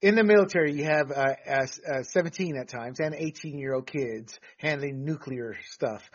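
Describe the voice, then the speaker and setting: A man hosts a sports talk show, delivering blunt, emphatic opinions and stumbling over fillers as he goes. His voice sits high and bright with a husky edge. The audio is dull and lo-fi. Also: moderate pace.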